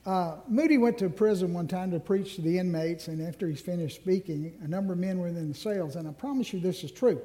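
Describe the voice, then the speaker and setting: This is an Ash Wednesday sermon from a male minister whose voice is mellow and high. Earnest throughout, he lingers on the most important phrases and occasionally pokes fun at himself.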